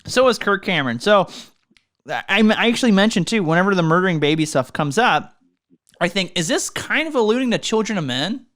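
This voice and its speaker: Bright, animated young man co-host. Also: sits high, fairly quick. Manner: playful, laughing, riffing on jokes. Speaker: podcast co-host. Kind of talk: casual comedic chat.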